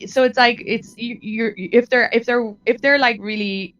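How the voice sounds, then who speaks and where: A woman's voice: on the high side, fairly even intonation, moderate pace, a bit bright, distant mic, dull audio. An Irish woman who is a guest comedian, chatting frankly and casually with a bit of swearing. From Ireland. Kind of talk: casual chat.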